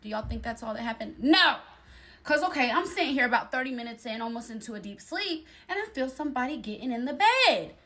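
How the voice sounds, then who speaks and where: A young woman telling a dating story in a casual storytime, animated and acting out the other people's voices. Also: fairly high pitch, fast, few pauses. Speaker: storyteller in a clip.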